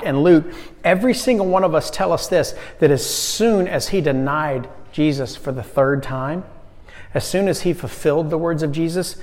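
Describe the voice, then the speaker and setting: A youth pastor preaching to a young crowd, animated, swinging between loud emphasis and hushed lines. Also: male voice, fairly high pitch. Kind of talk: sermon. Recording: long reverb of a hall.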